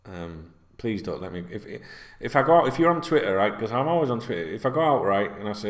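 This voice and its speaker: A man's voice: fairly low pitch, big pitch swings, quick pace, hardly any pauses. A middle-aged man, rambling casually in a sweary, filler-heavy way while seated at home. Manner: chatty, sweary, with many fillers. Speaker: football vlogger. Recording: roomy echo.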